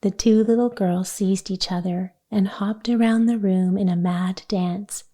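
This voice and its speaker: A woman narrating a children's chapter book audiobook in a calm, measured read. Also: medium pitch.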